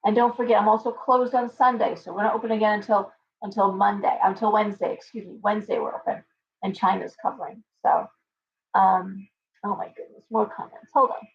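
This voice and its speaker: A woman's voice: mid-range voice, fairly even intonation, a little fast, highs cut off. A woman who runs a tarot shop, chatting casually on a live stream, rambling through stories and acting out her clients' lines.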